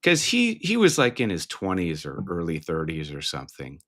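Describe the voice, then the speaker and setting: A man co-hosting a podcast in casual chat, jumping in with questions. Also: low voice. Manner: animated, quick to jump in with questions. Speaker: podcast co-host.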